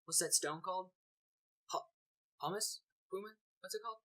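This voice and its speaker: A man's voice: high voice, moderate pace, rough recording. A young man in a casual group chat, telling loose, profane stories. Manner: loose, profane, animated storyteller. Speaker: podcast co-host.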